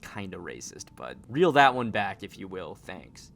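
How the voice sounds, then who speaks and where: A man's voice: deep voice, sing-song, unhurried, gravelly, hardly any pauses, fairly bright tone, a little hiss or hum. A man doing casual, jokey let's-play commentary on a horror game, breaking into self-interrupting asides. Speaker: gaming channel host.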